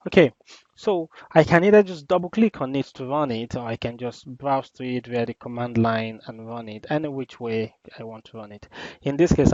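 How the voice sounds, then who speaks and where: A man teaching an IT lesson in a screen-recorded demo, explaining each step in a relaxed way with many ums and uhs. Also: medium pitch, dry recording. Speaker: IT instructor. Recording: dull, lo-fi dry voice-over.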